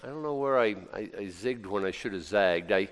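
A man's voice: lowish voice, animated, fairly quick, smooth. A man preaching a conversational sermon in a folksy, rambling way, full of asides and restarts. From United States. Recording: long reverb of a hall.

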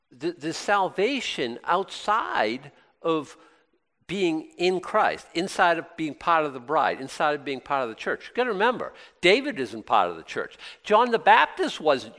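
Animated preacher in a reverberant hall. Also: male voice, fairly high pitch. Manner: conversational preaching with rhetorical questions and sudden excited bursts. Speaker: pastor. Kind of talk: sermon.

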